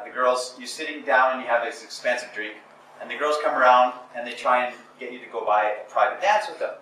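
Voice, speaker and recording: A man's voice: mid-range voice, pushed and bright, far from the mic, slight background noise. A man giving a motivational seminar talk to a group, blunt and emphatic, often repeating phrases and restarting his sentences. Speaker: seminar speaker. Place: talk venue in Portugal. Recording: roomy room, voice picked up from afar, faint ambience.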